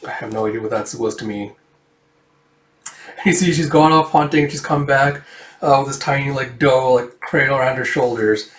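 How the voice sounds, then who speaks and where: A man's voice: medium pitch, normal speed, roomy sound. A man casually narrating a comic book read-through, rambling with lots of "like" and "it's like". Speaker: comic book reader and reviewer.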